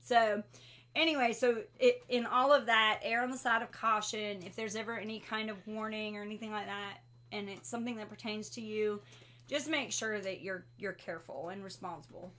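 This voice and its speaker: A woman hosting a casual livestream essential oils class, telling animated stories and laughing often. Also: medium pitch, normal speed.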